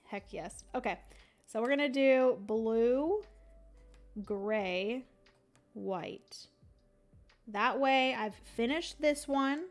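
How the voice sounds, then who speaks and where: A woman's voice: a little high, very slow, pauses often, faint music behind. A young woman hosting a livestream, thinking aloud as she plays a board game and chatting casually with her viewers. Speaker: livestream host playing a solo board game.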